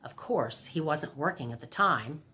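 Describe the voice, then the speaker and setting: A woman reading a storybook aloud for a library storytime, lively and expressive. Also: deep voice, measured pace, slight background noise.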